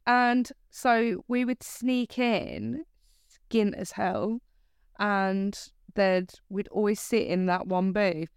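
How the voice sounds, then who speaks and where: A woman's voice: mid-range voice, slow, clear, resonant tone, dry recording, studio quality. A woman co-hosting a casual podcast chat, teasing and blunt, with some swearing. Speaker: podcast co-host.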